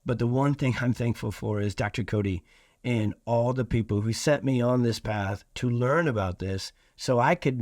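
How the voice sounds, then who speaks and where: A man's voice: mid-range voice, darkish tone, dry recording, studio quality. A man from Iowa hosting a solo podcast, talking earnestly and stressing points by repeating phrases. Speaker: podcast host.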